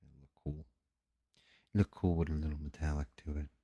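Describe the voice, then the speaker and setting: A man's voice: rumbling low, flat delivery, brisk, warm tone, husky, no echo, dull audio. A tired man hosting a livestream, chatting casually and profanely in a rambling, mumbling way while he paints. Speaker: livestream host.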